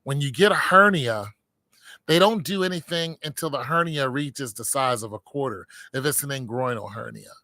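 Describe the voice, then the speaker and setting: A man's voice: medium pitch, normal speed, sharp tone, no room sound. A middle-aged man, a military veteran, talking casually and candidly to his viewers, rambling with many fillers.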